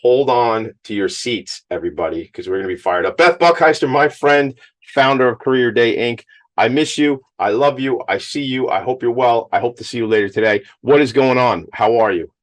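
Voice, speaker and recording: A man hosting a radio talk show on location, speaking with effusive enthusiasm. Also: medium pitch. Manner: enthusiastic, effusive, rapid talker. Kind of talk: casual radio interview. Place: on location at a high school.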